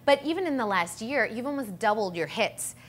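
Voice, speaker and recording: A woman hosting a web interview show, upbeat and chatty, asking questions and giving quick affirmations. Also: fairly high pitch, animated. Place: bakery shop.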